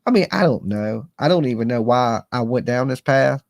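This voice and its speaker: A middle-aged man chatting with his stream viewers in an earnest, rambling, folksy way, dropping slang as he goes. His voice is of average pitch. The sound is dry and close, with no room around it. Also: expressive, normal speed, creaky, dry recording. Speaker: live-stream host. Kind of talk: casual live-stream chat.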